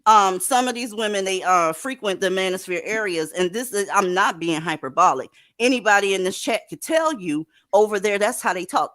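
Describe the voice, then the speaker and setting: A woman making forceful, lecturing points in casual commentary. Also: mid-range voice. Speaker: panelist.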